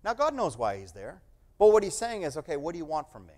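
Male preacher, middle-aged, fairly high voice, reads scripture then explains it, loud then hushed. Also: wildly swooping pitch, quick pace. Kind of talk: sermon.

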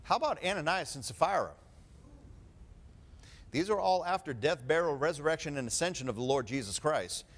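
A man's voice: on the high side, animated, a little fast, long pauses. Fervent male preacher, rising and falling. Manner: fervent, swings from quiet to loud preaching; rhetorical questions. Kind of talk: sermon.

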